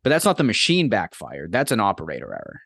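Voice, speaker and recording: A man's voice: on the low side, huge pitch swings, fast, gravelly, fairly bright tone, slightly rough, no room sound, clean studio sound. A man in casual podcast chat who rants in a profane, exasperated way.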